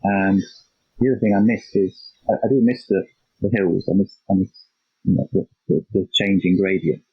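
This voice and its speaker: A man in his fifties with a faint Yorkshire accent, a podcast guest chatting reflectively and haltingly, with many restarts. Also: low-pitched, steady tone, slightly rough, no room sound. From Yorkshire, England. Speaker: podcast guest, geography teacher. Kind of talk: casual interview chat. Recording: dull lo-fi dry remote recording.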